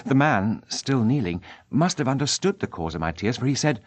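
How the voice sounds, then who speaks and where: A man narrating an audiobook in a measured, dramatic reading style. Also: medium pitch, very animated, dry recording. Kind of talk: scripted narration.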